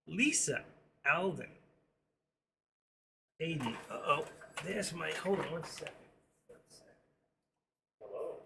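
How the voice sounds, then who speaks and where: Gravelly New York man chatting on a live stream. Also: fairly high pitch, animated, slow, long pauses, background noise. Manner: rambling, chatty, reads viewer comments aloud. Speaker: stock trading live streamer. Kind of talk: casual live-stream chat.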